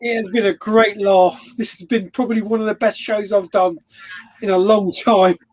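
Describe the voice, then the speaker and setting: A man's voice: sits high, fairly even intonation, normal speed. A man hosting a live podcast with cheeky, jokey banter. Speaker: podcast host. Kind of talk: casual live podcast chat.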